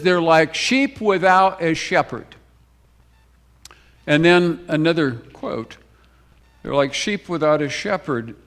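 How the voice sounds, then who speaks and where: A man preaching a sermon to his congregation, telling gospel stories with quick emphatic runs and sudden slow, hushed lines. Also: a little high. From United States. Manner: storytelling preacher, swings between brisk emphatic runs and slow hushed phrases; repeats words for emphasis, addresses the congregation directly. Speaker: pastor. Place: church sanctuary.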